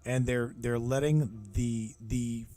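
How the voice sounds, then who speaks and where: A man hosting a call-in show and chatting casually with a caller, talking emphatically, swearing freely, and swinging between low murmurs and excited bursts. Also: slow pace, soft background music. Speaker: host.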